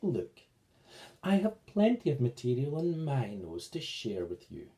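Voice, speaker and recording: A man's voice: medium pitch, wildly swooping pitch, unhurried. A man voicing a cheerful, kindly male blue goblin with a long nose in a told picture story. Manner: warm-hearted, delighted exclamations.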